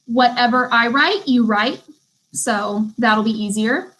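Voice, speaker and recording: A woman's voice: a little high, slow, a bit bright, low-quality recording. A young woman, teaching a beauty school class over a live stream in a chatty way and reading out viewers' comments.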